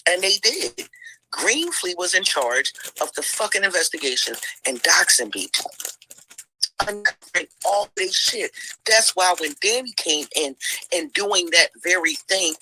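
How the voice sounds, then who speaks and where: A woman's voice: deep voice, bright, forceful tone, slight background noise, rough recording. A woman hosting a livestream, talking in heated commentary with lots of swearing, sighs and "mm-mm"s. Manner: profane, exclaiming, lots of sighs and mm-mm.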